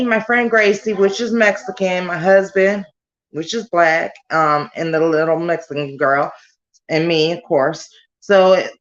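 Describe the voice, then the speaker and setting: A woman's voice: lowish voice, muffled recording. A grieving mother speaking in a remote interview, telling her story in a rambling way that keeps circling back to details. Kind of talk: remote interview over a call.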